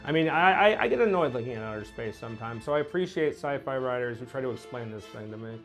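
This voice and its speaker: A man with a mid-pitched voice hosts a casual interview chat. He jokes a lot and is animated, jumping from loud bursts to quiet muttered asides, with faint music now and then. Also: fast talker. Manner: animated, joking, swings between loud and mumbled. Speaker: host.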